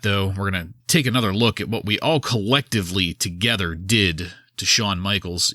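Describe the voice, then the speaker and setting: A man's voice: sits low, bright, forceful tone, no room sound, clean studio sound. A man hosting a wrestling podcast, recapping an old episode in a wry, sarcastic casual style. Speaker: podcast host.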